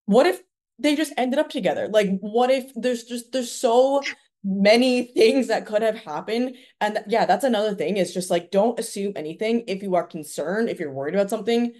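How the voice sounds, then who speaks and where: A woman's voice: medium pitch, normal speed, a little mellow. A woman in her twenties from Canada, a podcast guest speaking earnestly in casual conversation and giving advice with plenty of fillers. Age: 20s.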